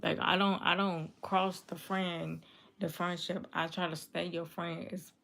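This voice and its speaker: Woman vlogging straight to her viewers, aave speech, gravelly low voice, says things over and over like she means it. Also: flat delivery, unhurried, fairly bright tone. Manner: earnest, repetitive, emphatic. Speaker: livestream vlogger reading viewer comments. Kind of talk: casual confessional talk to viewers.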